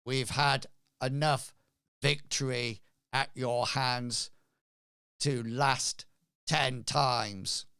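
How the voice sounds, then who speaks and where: A man's voice: mid-range voice, steady tone, very slow, gravelly, long pauses, bright, forceful tone, smooth, no echo, clean studio sound, exaggerated voice. A man voicing a possessed male crewman who speaks in a stiff, stunted voice. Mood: eerie.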